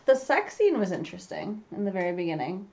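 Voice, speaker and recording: A woman's voice: mid-range voice, big pitch swings, a little fast, darkish tone. A woman co-hosting a podcast, chatting casually about a film, offhand and laughing often. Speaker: podcast co-host. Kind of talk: casual movie review chat.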